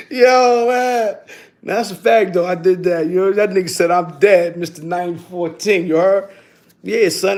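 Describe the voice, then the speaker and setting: Loud laughing man on a livestream. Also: high-pitched, gravelly. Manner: loud, laughing, street slang, talks to chat. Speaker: livestream host. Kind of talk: casual livestream chat.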